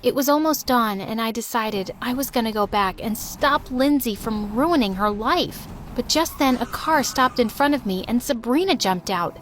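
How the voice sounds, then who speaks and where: A young woman narrating a first-person storytime in a dramatic, expressive way. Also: high voice, normal speed, few pauses, faint music behind.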